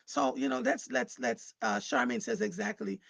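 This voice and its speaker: Gravelly high-voiced woman hosting a livestream. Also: normal speed. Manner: animated, repeats words when starting a thought; addresses viewers and guests directly, conversational. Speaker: live show host. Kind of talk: casual livestream talk.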